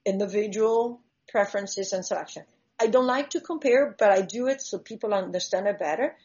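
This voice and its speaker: A woman's voice: medium pitch, fairly quick, darkish tone. A woman, a shark diver and conservationist, telling stories in an interview and acting out vivid examples as she explains. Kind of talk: conversational interview storytelling. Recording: slightly dull lo-fi recording.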